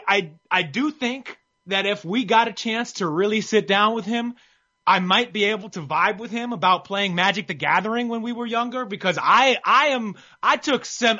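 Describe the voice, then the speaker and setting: A man with a high, bright voice chats loosely about boxing, tripping over his own words as he gets excited. The sound is a little dull and lo-fi. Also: moderate pace. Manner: rambling, excitable, many restarts. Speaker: boxing podcast co-host. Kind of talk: casual sports chat. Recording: slightly muffled lo-fi mic.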